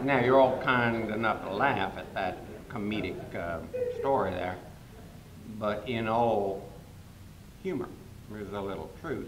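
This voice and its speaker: Older man telling stories in an echoey hall. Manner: animated storyteller with sudden loud jumps. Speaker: conference guest speaker. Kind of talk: humorous storytelling speech. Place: conference hall. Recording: echoey hall with faint rumble.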